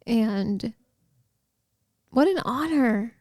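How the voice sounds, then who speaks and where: A woman with a slightly high voice tells a personal faith story as a podcast host. She speaks unhurriedly and heartfelt, in a chatty way with many likes and you-knows. The sound is dry and close, with little room echo. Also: a little slow, darkish tone.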